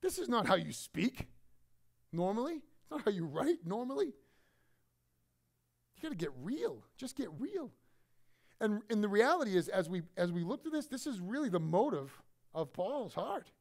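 Animated high-voiced male preacher. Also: normal speed, gravelly. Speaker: pastor. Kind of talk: sermon.

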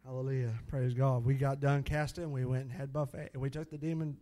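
A man's voice: mid-range voice, brisk. A middle-aged man preaching, telling stories with frequent hallelujahs and laughter. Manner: animated, exclaims hallelujah often, laughs at own stories. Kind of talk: sermon storytelling.

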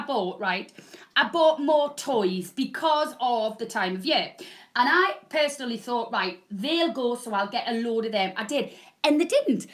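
A bubbly, loud woman in her forties hosting a live selling show. Her voice sits high for a woman, and she chats fast and warmly with viewers as she pitches products. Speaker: shopping channel presenter. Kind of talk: live selling stream, chatty. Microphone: proper microphone.

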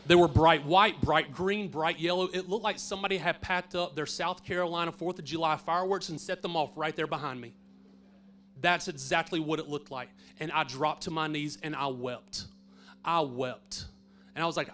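A man's voice: on the high side, fairly even intonation, normal speed. Earnest man telling a sermon story. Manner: earnest storytelling, swinging from hushed to emphatic. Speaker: pastor. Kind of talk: personal testimony sermon.

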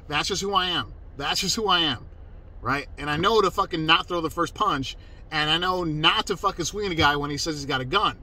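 Man, casual storytelling, curses a lot, emphatic, restarts sentences, very bright and forceful tone, slightly high voice. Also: expressive, a little fast, rough recording. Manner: profane, emphatic, self-interrupting. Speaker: mover telling a personal story.

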